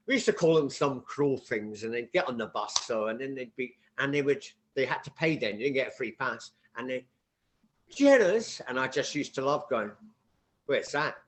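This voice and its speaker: A man's voice: medium pitch, fairly quick, few pauses, slight background noise. A man in his sixties, from London, chatting bluntly and telling stories on a political talk panel. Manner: animated storyteller, blunt and colloquial. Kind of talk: casual political chat.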